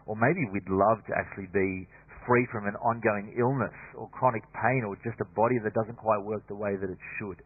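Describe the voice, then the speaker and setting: A man's voice: fairly low pitch, fairly even intonation, fairly quick, breathy edge, no room sound. A man preaching a sermon in a chatty, humorous way with asides. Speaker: pastor. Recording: dry, tinny phone-like sound.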